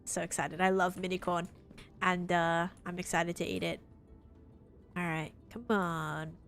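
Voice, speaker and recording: A woman's voice: on the low side, level tone, measured pace, a bit bright, soft background music. Brief: a young Australian woman with an Americanized accent, talkative and rambling, casual stream chat. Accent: Australian, drifting toward American. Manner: chatty, rambling, many "like"s. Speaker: game streamer.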